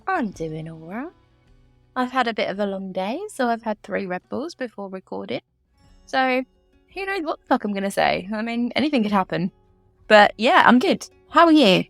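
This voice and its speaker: A woman's voice: medium pitch, sing-song, normal speed, vocal fry, a bit bright, dry recording, soft background music. A young woman co-hosting a casual podcast, joking and swearing. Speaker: podcast co-host.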